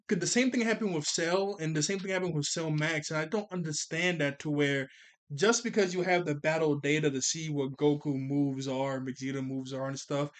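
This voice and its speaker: Excitable rambling man, fairly high voice. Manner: excitable, rambling with restarts and laughs. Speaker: anime reviewer. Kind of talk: casual commentary.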